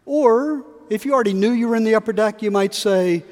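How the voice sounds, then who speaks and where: In a large cathedral, a man delivers a sermon, and his slightly high voice echoes at length through the stone interior. He tells stories briskly with shifting emphasis, briefly acting out the quotes, and his tone leans somewhat dark.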